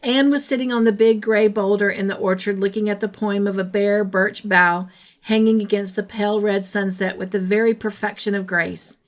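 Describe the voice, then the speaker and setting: A woman narrating a classic novel aloud in a gentle, measured storytelling voice. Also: medium pitch, steady tone. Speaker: storybook reader.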